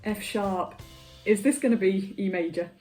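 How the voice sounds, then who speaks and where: A woman's voice: medium pitch, measured pace, dark tone. A woman making a casual music vlog, talking in a dry, self-deprecating way. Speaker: vlogger.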